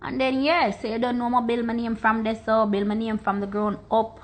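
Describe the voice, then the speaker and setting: A woman's voice: on the high side, little pitch movement, a little fast. A woman with a Jamaican accent, telling her own story on an Instagram live through a phone mic, stressing points by repeating words. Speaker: social media personality.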